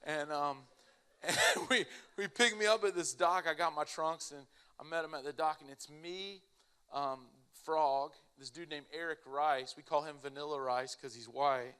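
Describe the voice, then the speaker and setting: At a church family event, a young man tells a humorous story to a live audience, animated and laughing along as he goes. His voice is fairly high-pitched and clean, at normal speed.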